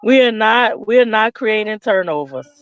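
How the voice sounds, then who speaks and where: A woman's voice: medium pitch, animated, normal speed, a bit bright, smooth, no room sound, dull audio. A woman, co-hosting a casual sports podcast and talking in a dejected, scolding way. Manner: dejected, then heated and scolding. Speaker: podcast co-host.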